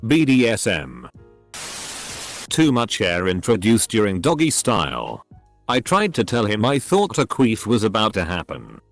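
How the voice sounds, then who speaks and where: Male narrator, low and lively read, spells out bleeped words, faint music underneath. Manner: reads posts aloud, spelling out censored words. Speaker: story narrator. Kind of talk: scripted narration of online posts.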